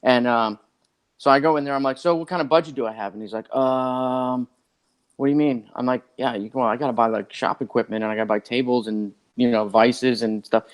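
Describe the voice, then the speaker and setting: A man's voice: medium pitch, fairly quick. Chatty man telling a long story. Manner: rambling and animated, acts out others' lines, many "like" fillers. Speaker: podcast guest. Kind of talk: casual storytelling.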